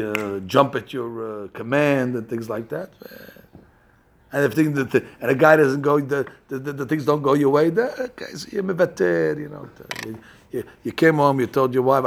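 Man, gravelly, slightly high voice, Torah class, acts out scenes, lots of restarts. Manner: animated storyteller acting out scenes; frequent restarts and fillers. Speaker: rabbi teaching a class.

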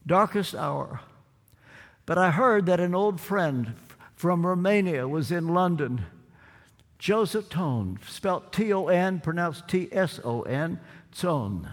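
An older man delivers a sermon in earnest, repeating phrases for weight. His voice sits high and unhurried. A long reverb trails each phrase through the hall. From United States. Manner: earnest, dramatic pauses and repetition. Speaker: preacher.

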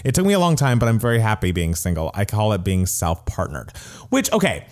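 A man's voice: on the low side, wildly swooping pitch, brisk, a little mellow. A man co-hosting a podcast, chatting casually and laughing often. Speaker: podcast co-host. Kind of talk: casual chat.

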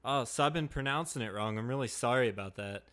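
A man's voice: mid-range voice, fast talker, a bit bright. A man hosting a podcast and acting in an improvised comedy skit, talking in a rambling, hesitant way. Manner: hesitant and rambling, with many restarts and fillers. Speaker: podcast host.

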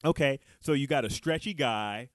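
A man's voice: mid-range voice, moderate pace, a bit bright. A man co-hosting a podcast in casual chat, restarting sentences and laughing often. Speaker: podcast co-host.

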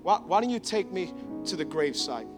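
Preacher voicing Jesus, calm and assured. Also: male voice, sits high, fairly quick, over music. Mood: reassuring. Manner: assured, comforting. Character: calm reassuring Jesus, a man.

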